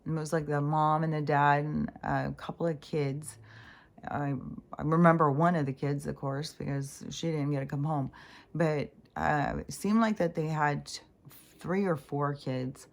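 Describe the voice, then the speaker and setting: A middle-aged woman with a low-pitched voice talks in a loose, rambling vlog monologue. She fills her speech with ums, likes and restarts, and swears freely. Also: fairly even intonation, unhurried, gravelly. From Pacific Northwest US. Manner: rambling, profane, many fillers and restarts. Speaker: spiritual vlogger.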